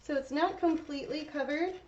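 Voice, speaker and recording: A woman's voice: high-pitched, fairly quick. A woman hosting a casual painting tutorial, chatting to her viewers while she works. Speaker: craft tutorial host. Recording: dull lo-fi sound with faint noise.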